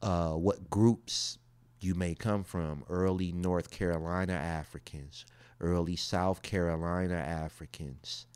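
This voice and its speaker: A man's voice: low-pitched, fairly even intonation, slow pace, a little mellow, clear, resonant tone, no room sound. A man from the United States talking casually as he reacts to his results, with slangy asides in a laid-back, conversational way. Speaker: vlogger.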